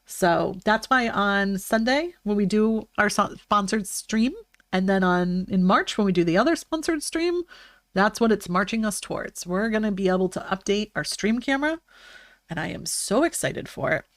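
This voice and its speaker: A young woman chatting on a live stream, her talk meandering with frequent fillers and self-corrections. Her voice sits at a middle pitch for a woman and sounds close and dry, with no room sound around it. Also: animated, moderate pace, no room sound. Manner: rambling, chatty, full of fillers and restarts. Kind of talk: casual chat on a live stream.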